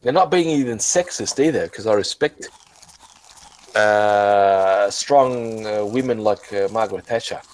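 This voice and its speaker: Low-pitched man, drunk, rambling, stumbling restarts, casual chat. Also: measured pace, a little mellow, poor audio. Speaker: channel host. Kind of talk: casual chat on a group voice call.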